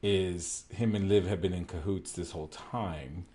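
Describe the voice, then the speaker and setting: A man's voice: low-pitched, a little slow, warm tone. A man co-hosting a wrestling recap podcast, talking casually and rambling, with many fillers and restarts. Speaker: podcast co-host.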